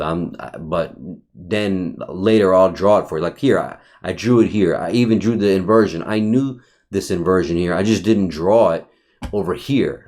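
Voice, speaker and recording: A lower-pitched man talks through a trading chart in a loose, excitable way. He swears freely, calls the viewer bro and buddy, and stumbles over repeated words as he goes. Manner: repeats himself and restarts often. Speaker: trading educator reviewing his chart. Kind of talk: casual screen-share chart review.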